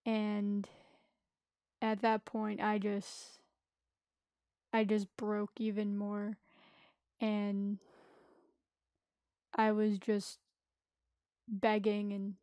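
A woman's voice: mid-range voice, monotone, dark tone, dry recording, clean studio sound. A woman telling a painful personal story, hesitant and emotional, often stopping and restarting her sentences. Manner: halting, hesitant, many restarts. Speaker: vlogger.

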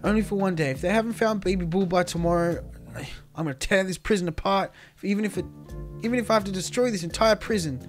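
A man with a high voice hosts a casual game roleplay and plays his own character. He talks in an excitable, slangy way and keeps calling the others dude and man. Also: quick pace, soft background music. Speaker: roleplay series host playing himself. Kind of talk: Minecraft roleplay chat.

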